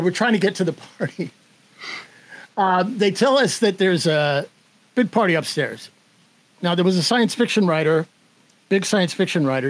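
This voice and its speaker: A man's voice: fairly high pitch, poor audio. An older man, a guest in an interview, telling a story with animation, acting out the voices of the people in it and laughing as he goes. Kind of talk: storytelling in conversation.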